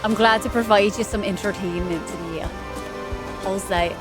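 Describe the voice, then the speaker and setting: A woman's voice: medium pitch, steady tone, normal speed, music in the background. A woman streaming a video game, chatting casually and bubbly with her viewers as she plays. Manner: chatty, bubbly, chats with viewers while playing. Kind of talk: casual let's-play commentary.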